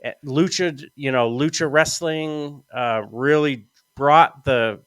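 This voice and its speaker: Taking his time, a man with a fairly high, smooth, resonant voice hosts a laid-back podcast. Recorded close and dry without room sound, he wanders through lengthy stories, dropping casual profanity along the way.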